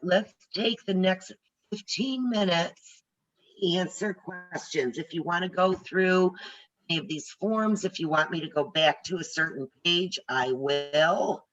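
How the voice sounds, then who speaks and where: An older woman with a lowish voice teaches real estate trainees over a video call, speaking unhurriedly on a muffled recording. She's chatty and direct, addressing the trainees straight on and telling stories as she goes.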